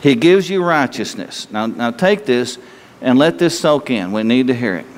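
A man preaching a conversational sermon, slightly hoarse with an itchy throat, asking his listeners questions in a folksy way. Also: mid-range voice, animated, normal speed. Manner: folksy, asks the listeners questions, laughs easily. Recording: long hall reverb.

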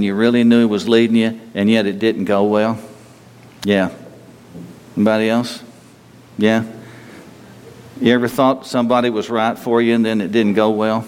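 A man's voice: on the low side, a little hiss or hum. Man preaching in a reverberant hall. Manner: animated storytelling, jumping between loud and quiet. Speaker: pastor. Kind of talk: sermon.

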